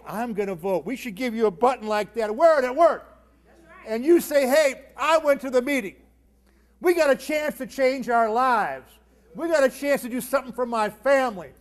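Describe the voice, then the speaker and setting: A man, a union leader, giving a fiery rally speech, rousing the crowd with shouted call-and-response. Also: very high voice. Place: organizing rally hall with a crowd. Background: faint crowd.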